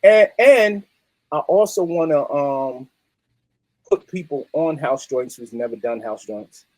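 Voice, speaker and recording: A middle-aged man, a musician guest telling stories in a streetwise, animated way. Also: on the high side, takes it slowly, no room sound, poor audio. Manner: animated, streetwise, peppered with "you know what I mean". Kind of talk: casual interview storytelling.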